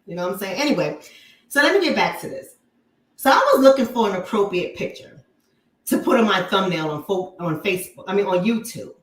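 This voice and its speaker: A woman's voice: medium pitch, animated, fairly quick. Blunt, profane woman host in an echoey room. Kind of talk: livestream commentary.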